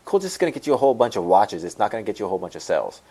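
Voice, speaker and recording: A man runs a screen-share lesson for people selling online, moving along at a quick clip in a fairly low voice. He rambles, stumbles over his own words and repeats himself while he talks straight to his viewers. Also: big pitch swings, warm tone. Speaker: online store coach.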